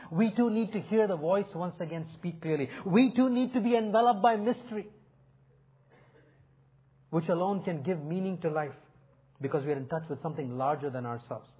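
A man's voice: high voice, husky. A male pastor preaching a sermon in an earnest, inviting way, swelling and dropping his emphasis. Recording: phone-like narrow sound.

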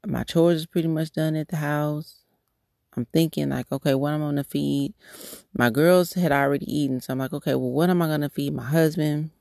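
Woman host, devotional testimony, earnest and candid, gravelly voice, dry close sound. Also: low-pitched, fairly even intonation, a little fast, dark tone, no echo. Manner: candid, earnest storytelling with restarts. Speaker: podcast host.

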